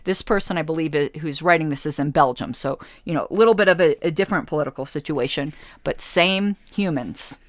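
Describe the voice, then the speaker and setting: A woman's voice: low-pitched, fairly quick, hardly any pauses, no echo. A woman from the United States hosting a radio talk show, reading an article aloud and answering it with sarcasm. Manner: sarcastic, argumentative.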